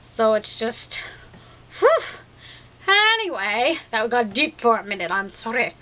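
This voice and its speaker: Young woman vlogger, bright tense voice, a little high, rambles and laughs a lot. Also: very animated, measured pace. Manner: chatty and rambling, laughing often. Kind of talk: casual talk to camera.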